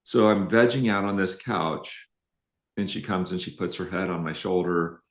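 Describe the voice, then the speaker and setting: A deep, low-pitched middle-aged man on a live relationship show, telling stories in an animated, self-deprecating way. His voice carries a roomy echo from the space around him. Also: normal speed. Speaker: relationship coach co-host. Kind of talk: live-streamed conversational talk.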